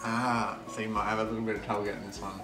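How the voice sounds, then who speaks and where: A man hosting a vlog, talking in quick, upbeat casual chat. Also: on the low side, flat delivery, roomy sound, distant mic, over music. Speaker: vlogger host.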